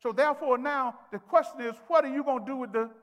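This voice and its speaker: A man preaching a sermon, calling on the congregation to answer back and rising to shouts. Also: extremely high pitch, quick pace, lo-fi sound. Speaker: pastor. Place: church sanctuary. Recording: long hall reverb.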